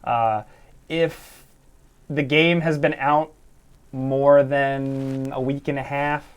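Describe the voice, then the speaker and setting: A man's voice: medium pitch, little pitch movement, slow pace, clean tone. A man co-hosting a casual gaming livestream, rambling loosely with lots of fillers as he reads out viewer messages. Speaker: co-host of a gaming news stream.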